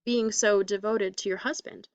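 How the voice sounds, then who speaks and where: Careful middle-aged solicitor, read by a woman, formal and steady, no room echo. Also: mid-range voice, lightly acted. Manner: formal, measured, reassuring. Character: middle-aged male lawyer, cautious and formal.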